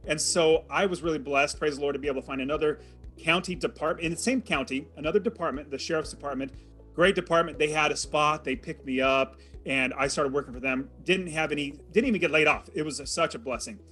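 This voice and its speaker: A man's voice: a little high, fast, fairly bright tone, faint music behind. A man telling a personal story as an interview guest, in a vivid and dramatic way. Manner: vivid, dramatic retelling with acted quotes.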